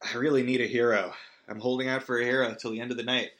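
A man hosting a podcast, recapping a movie in a rambling, self-deprecating way with big animated swings. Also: mid-range voice, fast. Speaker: podcast host.

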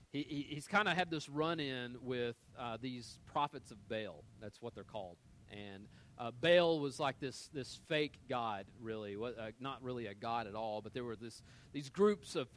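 Animated storytelling man preaching. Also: mid-range voice. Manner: animated storytelling with quoted dialogue, many fillers and restarts. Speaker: pastor. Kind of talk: sermon.

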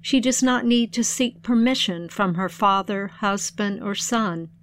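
An old folk tale is told by a woman with a mid-range voice, paced in a measured way and full of expression. She closes by reflecting on what it means.

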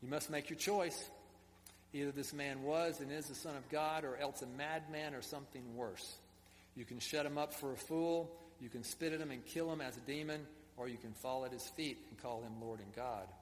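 A man's voice: mid-range voice, moderate pace. A male pastor delivers a sermon in an easygoing, conversational way, speaking to his congregation. His voice carries a long reverb from the hall. A faint hiss of room ambience sits under him. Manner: conversational preaching with asides to the congregation.

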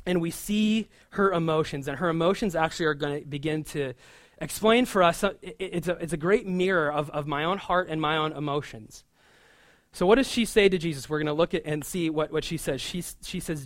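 Male pastor, animated conversational preaching, slightly high voice, dry close sound. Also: no echo. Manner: animated and chatty, with frequent asides. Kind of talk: conversational sermon.

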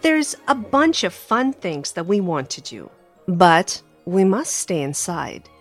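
A woman doing a restless eight-year-old storybook boy knight with a high, bouncing voice that whines when bored and turns bold and scolding, swinging widely in pitch as it drawls the words out. She puts him on while reading aloud. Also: very animated, slow pace, soft background music, full character voice.

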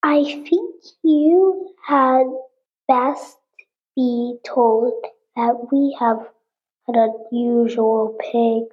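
A woman reading the lines of a stunned middle-aged male farmer in a storybook, halting and awed, on a dull lo-fi recording. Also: fairly high pitch, steady tone. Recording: dull lo-fi sound.

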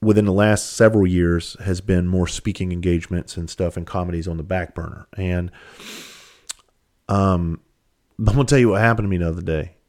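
A man's voice: sits low, steady tone, fairly quick, darkish tone. A man from South Carolina, a comedian and speaker telling a loose, profane story in casual conversational style.

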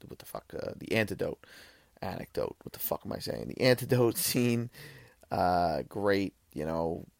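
Creaky and low, with a darkish tone, this man's voice comes through clean studio sound with no room coloring. As a podcast host he rambles through a film review, cursing freely and often starting over.

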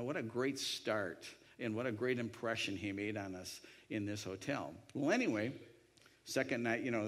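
A man's voice: fairly low pitch, a bit bright. A man telling a personal anecdote in a rambling way, with many restarts and voiced quotes. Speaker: storyteller. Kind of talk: anecdotal storytelling.

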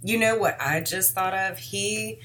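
A woman's voice: medium pitch, a little slow, pushed and bright, a little hiss or hum. A woman hosting a podcast, chatting casually and animatedly, with plenty of swearing and acted-out quotes. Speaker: podcast host. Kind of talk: casual true-crime chat.

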